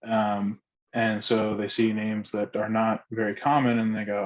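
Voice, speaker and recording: A man's voice: on the low side, flat delivery, a little slow, highs cut off. A man leading a casual group discussion, talking hesitantly with many fillers and restarts. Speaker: discussion facilitator.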